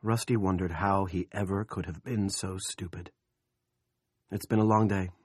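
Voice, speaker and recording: A man narrating an audiobook in a gritty, husky voice, slipping into gruff character dialogue. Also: deep voice, steady tone, moderate pace, darkish tone, no echo, clean studio sound.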